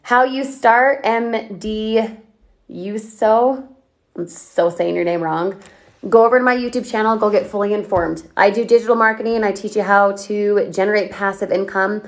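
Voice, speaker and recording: A woman coaching on a livestream, talking energetically and firing off questions at her viewers as she reads their comments. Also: medium pitch. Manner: energetic, chatty, asks rapid questions. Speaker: online business coach.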